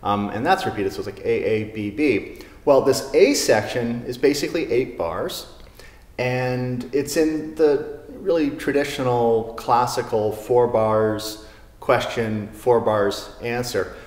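Relaxed man teaching guitar, roomy reverb. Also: mid-range voice, measured pace. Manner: relaxed, many fillers like um and you know. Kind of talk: casual spoken music lesson. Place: guitar showroom. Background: classical guitar playing.

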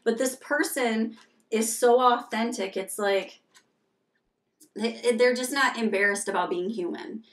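A woman's voice: fairly high pitch, unhurried, reverberant, distant mic. A woman giving a casual tarot reading, talking frankly and conversationally with many fillers as she tells personal stories. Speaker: tarot reader.

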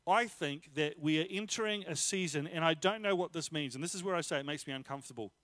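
A man preaching a casual sermon, telling personal stories in a lively, joking way. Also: on the high side, fast, no room sound. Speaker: pastor.

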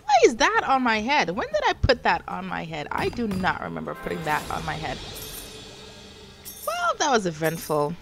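A woman's voice: fairly low pitch, huge pitch swings, normal speed, creaky, over music. A woman livestreaming a game, chatting casually and exclaiming when startled. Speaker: streamer. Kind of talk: casual gameplay livestream chat.

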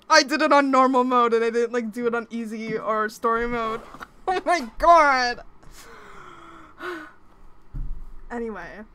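A young woman streaming live, her voice high and leaping wildly between squeals and low mutters. She talks in an unhurried way between panicked cries and curses. Game music plays clearly behind her. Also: expressive, fairly bright tone, a little hiss or hum. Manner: panicky shrieks and pleading, swearing, laughing. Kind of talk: live gameplay commentary. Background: game music and sound effects.

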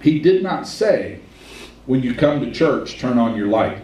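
A man preaches a sermon in a church, telling homely stories and stretching out his key lines. He sits in a middle pitch and sounds far from the microphone. The room rings around him, with a faint hiss underneath. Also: sing-song, mellow. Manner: folksy storytelling, slows for emphasis. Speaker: pastor. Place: church sanctuary. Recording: roomy church sound from a distance.

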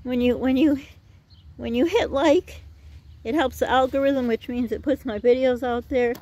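A woman's voice: sits high, fairly even intonation, moderate pace, mellow. A middle-aged woman chatting in a rambling way while gardening outdoors for her vlog, out of breath. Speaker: vlogger.

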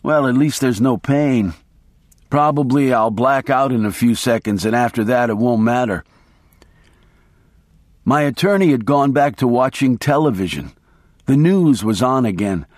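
A man reads a novel aloud in the first person at a measured, steady pace. His voice sits at an ordinary middle pitch, and the recording is close and dry. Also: dry recording. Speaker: audiobook narrator. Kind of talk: first-person audiobook narration.

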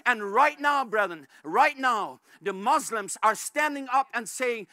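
A male pastor delivers an impassioned sermon, calling out to his brethren again and again and building to shouts. His voice sits high and rings hard and forceful. The sound is close and dry. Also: expressive, measured pace, no room sound. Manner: fervent, repeatedly calls out "brethren"; rises to shouts at climaxes.

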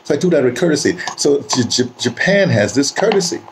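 A man's voice: mid-range voice, big pitch swings, fairly quick, gravelly, background noise. A man talking to camera in a casual, rambling monologue, repeating words and saying "you know" often, in a home setting. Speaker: vlogger.

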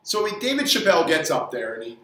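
A male fitness trainer rants angrily to camera in a forceful, tense voice that sits a little high for a man. He swears freely and trips over repeated words as he pushes his opinion. The sound is roomy and echoey, picked up from some distance off the mic. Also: sing-song, fast talker. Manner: angry, profane ranting with repeated words.

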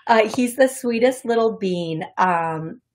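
Her speech full of hesitations, fillers, and restarts, a middle-aged woman hosts a call-in radio show as a psychic medium. She has a mid-range voice and lively intonation.

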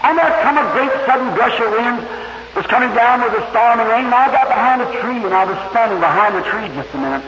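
A man with a strikingly high voice preaches a rambling, impassioned story sermon. His voice rings in a big echoing hall. The old 1950s tape is heavy with hiss. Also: animated, fast. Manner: impassioned, rambling, surging pitch and volume. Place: church hall.

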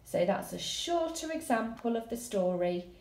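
A woman teaching a recorded lesson to young children, speaking slowly and clearly, reading her examples aloud with drama. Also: a little high, expressive, a little mellow. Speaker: primary school teacher. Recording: echoey room.

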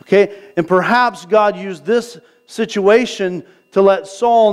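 Casting: male pastor, higher voice, chatty sermon delivery, keeps asking the room "right?". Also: smooth. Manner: conversational preaching, asks the crowd "right?"; reads scripture slowly. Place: church sanctuary.

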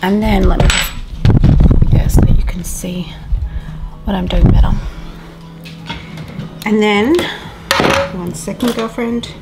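A woman's voice: mid-range voice, slow, pauses often, poor audio. A woman chatting casually to her viewers while cooking in a home kitchen, rambling with friendly asides. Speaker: vlogger. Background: music.

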